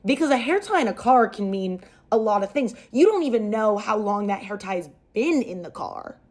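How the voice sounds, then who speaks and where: A young woman retelling a story aloud in a chatty, animated way. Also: medium pitch, normal speed.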